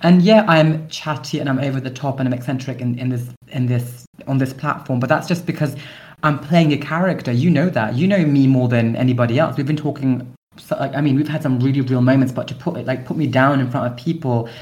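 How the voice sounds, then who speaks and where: A man's voice: medium pitch, a little fast, a little mellow. A young man co-hosting a comedic podcast sketch, ranting in an exasperated, defensive way. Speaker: podcast co-host.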